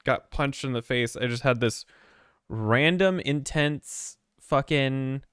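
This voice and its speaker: A man's voice: mid-range voice, slow, fairly bright tone, clear, resonant tone, no room sound, clean studio sound. A man streaming from his apartment desk, chatting in a rambling, jittery way with lots of swearing and self-mockery. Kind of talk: casual chat before a game stream.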